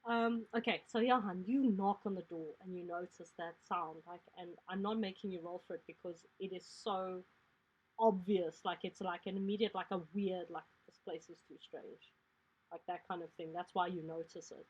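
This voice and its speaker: Husky woman game master, rambling narration, muffled lo-fi sound. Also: lowish voice, fairly even intonation, moderate pace. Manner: rambling, filler-heavy.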